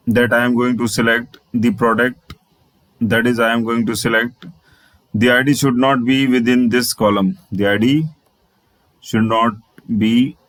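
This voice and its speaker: Male tutor, tutorial delivery, mid pitch, dry and close, restates every step. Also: fairly bright tone, no room sound, poor audio. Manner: repetitive, restates phrases, spells out letters. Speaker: programming instructor. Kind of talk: screen-share coding tutorial.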